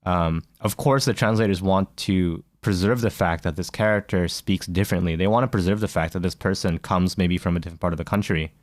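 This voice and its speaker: A man's voice: low voice, brisk, hardly any pauses, no room sound, clean studio sound. A man co-hosting a gaming podcast, talking casually and thoughtfully, asking questions with fillers. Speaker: podcast co-host. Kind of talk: casual chat.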